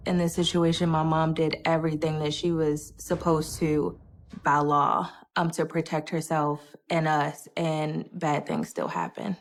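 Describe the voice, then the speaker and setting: Low-voiced young woman giving testimony. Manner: measured, earnest recounting. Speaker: interviewee, victim's daughter. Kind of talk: true crime documentary interview.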